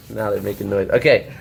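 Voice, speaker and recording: A man teaching a high school shop class, walking students through a drawing step by step, checking in often and joking with them. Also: creaky, slight background noise. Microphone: camera held by a student.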